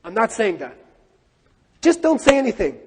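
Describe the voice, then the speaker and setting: Male Buddhist teacher, lively lecture style, repeats key lines, husky tone. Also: high voice, moderate pace. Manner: animated, rhetorical questions and repetition. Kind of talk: lecture on scripture. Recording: long hall reverb.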